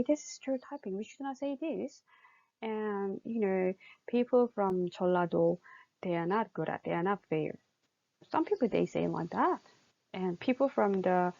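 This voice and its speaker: A woman with a Korean accent lectures at a steady, explanatory pace, asking her students questions and filling pauses as she thinks. Her voice carries a gravelly edge. The recording is dull and dry, like a simple lecture-capture setup. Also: mid-range voice, no echo. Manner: explanatory, with many fillers and rhetorical questions. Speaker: university lecturer.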